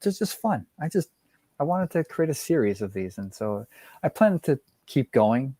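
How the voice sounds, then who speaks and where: A man's voice: mid-range voice, very animated, normal speed, dark tone, dry recording. A man in casual chat as a guest, rambling with frequent laughs and restarts, over a video call. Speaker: guest comic art collector.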